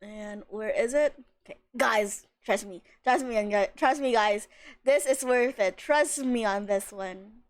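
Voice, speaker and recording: A young woman streamer chatting casually with her viewers, giggly and gushing, breaking into laughter and excitable outbursts. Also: mid-range voice, unhurried, no echo, clean studio sound. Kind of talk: casual live gameplay chat.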